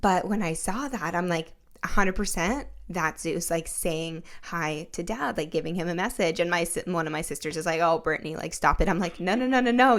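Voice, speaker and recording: A young woman hosting a casual interview podcast, telling personal stories in a chatty way full of likes and you-knows. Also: fairly low pitch. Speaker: podcast host.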